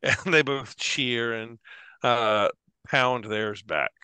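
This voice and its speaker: A man running a tabletop game as game master, narrating at a slow, easy pace. His voice is bright and lively in pitch, recorded close and dry. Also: smooth, dry recording.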